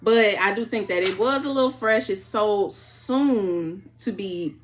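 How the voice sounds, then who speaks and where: A woman from Chicago chats through a reality-show recap in a loose, conversational way. She is animated, acting out what people said as she goes. Her voice sits at an ordinary middle pitch for a woman. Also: a little slow, a little hiss or hum. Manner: animated retelling, acting out quotes with laughs. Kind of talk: casual recap chat.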